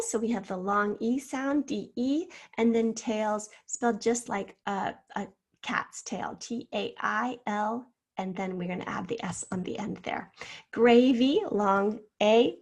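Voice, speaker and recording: Woman teacher spelling words out slowly. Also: medium pitch. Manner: spells words out letter by letter, drawing sounds out. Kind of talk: spelling lesson for children.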